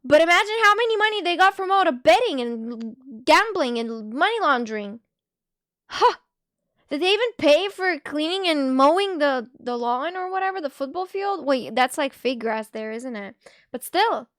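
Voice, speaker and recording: A woman streamer chatting casually on a live stream, giggly and quick with asides, leaning on "like" a lot. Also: sits high, animated, a bit bright, no room sound, studio quality.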